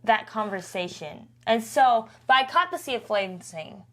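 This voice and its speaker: A woman's voice: a little high, sing-song, normal speed, a bit bright. A woman co-hosting a podcast in casual chat, talking with lots of fillers and restarts. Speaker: podcast co-host.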